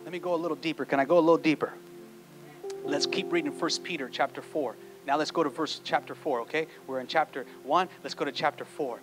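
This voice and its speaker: Casting: high-pitched man, lively pastor preaching in church with music behind. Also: quick pace. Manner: animated, playful, acts out quotes, urges the congregation. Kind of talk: sermon.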